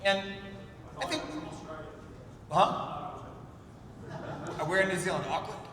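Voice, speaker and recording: A man's voice: sits high, slow pace, very noisy. A man giving a conference keynote, telling jokes and stories and calling people up from the audience. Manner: storytelling, jokey, works the crowd. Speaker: keynote speaker. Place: large conference hall. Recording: echoey hall from afar.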